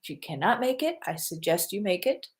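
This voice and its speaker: A woman's voice: mid-range voice, sing-song, fairly quick. A woman working as a psychic medium, chatting casually on a livestream and repeating her reminders.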